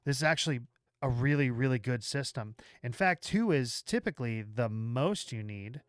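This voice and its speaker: A man hosting a livestream, walking through software live while thinking aloud, with halting restarts, and chatting with viewers as he works. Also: medium pitch, animated, no room sound, clean studio sound. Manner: chats with viewers while working. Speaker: livestream host.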